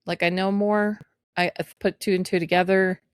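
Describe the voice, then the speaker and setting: A woman co-hosting a podcast, guiding the conversation in a measured way and recapping earlier episodes. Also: fairly low pitch, level tone, clear, resonant tone, no echo, studio quality. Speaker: podcast co-host. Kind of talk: candid personal conversation.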